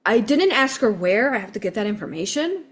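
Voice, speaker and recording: A woman vlogger telling a travel story in an excited, chatty way, often laughing and calling her viewers "you all". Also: mid-range voice, fairly quick, husky. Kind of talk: animated storytelling vlog.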